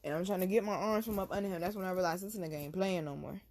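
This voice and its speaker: A woman hosting her own channel, telling a personal story to camera in blunt, profane street slang, hushed one moment and loud the next. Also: fairly low pitch, very fast. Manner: swings from hushed to loud bursts. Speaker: channel host.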